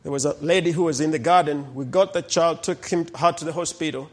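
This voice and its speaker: A middle-aged pastor tells stories from the pulpit in a fairly high voice. He talks with a lot of life and slips into the voices of the people in his stories. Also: fairly quick. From Uganda. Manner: animated storyteller who acts out the people in his stories. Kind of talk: sermon testimony storytelling.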